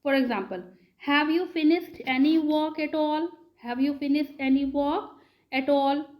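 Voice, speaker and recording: A woman gives a grammar lesson in a high voice. She speaks slowly and deliberately, repeating key words and quizzing her class as she goes. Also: fairly even intonation, highs cut off. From India. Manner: slow, repeats words and asks the class questions. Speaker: English teacher.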